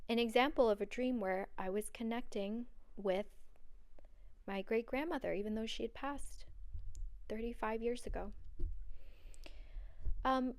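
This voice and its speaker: A woman's voice: fairly high pitch, measured pace, pauses often. A woman hosting a solo podcast, talking in an earnest, personal and rambling way with many fillers. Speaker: podcast host. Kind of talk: solo podcast monologue on dreams.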